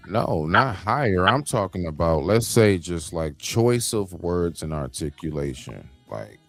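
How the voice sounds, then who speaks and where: A man's voice: low voice, big pitch swings, measured pace, soft background music. A man hosting a casual podcast chat, laid-back and hesitant, asking probing questions.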